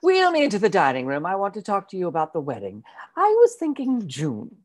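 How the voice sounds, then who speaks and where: A woman's voice: medium pitch, wildly swooping pitch, fairly quick, a little mellow. Woman doing a fussy rich old aunt, super dramatic, voice swoops all over. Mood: melodramatic. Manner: genteel, melodramatic, fussy. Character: wealthy frail older aunt in a wheelchair, melodramatic. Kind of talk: comic play reading. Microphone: video call.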